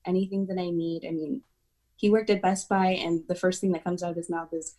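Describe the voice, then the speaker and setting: A woman's voice: fairly low pitch, steady tone, a little fast, mellow. A woman guest on an acting podcast, talking in a heartfelt, emotional way. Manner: emotional, heartfelt, speaks of near tears. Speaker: podcast guest, aspiring actor. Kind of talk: casual chat.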